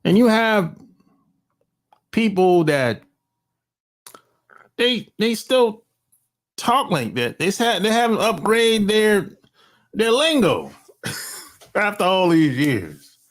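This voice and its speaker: This vlogger's voice sits high and is very animated, yet he speaks slowly and pauses often. He's an American talking into his phone, giving a blunt, slangy opinion piece with mocking side remarks.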